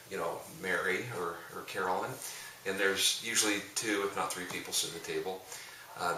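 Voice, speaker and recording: A man's voice: low-pitched, sharp tone. A middle-aged man, a pastor and coach, telling rambling, jokey stories in casual talk with frequent restarts. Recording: roomy echo, distant mic, faint hiss.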